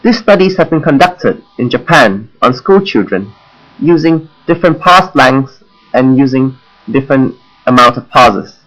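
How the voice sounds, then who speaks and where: A young man with a Hong Kong English accent gives a scripted class presentation, measured and demonstrative with deliberate pauses. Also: medium pitch, animated, a bit bright, low-quality recording. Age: young adult. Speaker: university student presenter.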